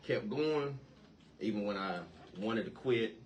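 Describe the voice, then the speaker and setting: A man's voice: on the low side, slow, muffled recording, a little hiss or hum. A man in his thirties, a guest musician, telling his story in an easygoing, casual way. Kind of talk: casual interview talk.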